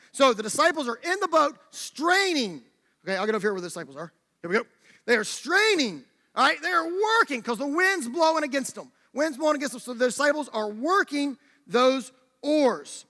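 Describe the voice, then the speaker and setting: A man with a very high, bright voice delivers a lively sermon, acting out the story as he goes. The sound rings with the long reverb of a church hall. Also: normal speed. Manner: animated storytelling, acting out the scene. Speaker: preacher.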